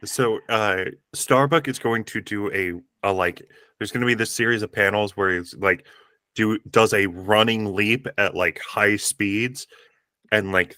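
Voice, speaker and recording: A man playing a tabletop game, describing his hero's moves in halting, rambling bursts and laughing at his own lines. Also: on the low side, pushed and bright, clear, resonant tone, dry recording, clean studio sound. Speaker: player.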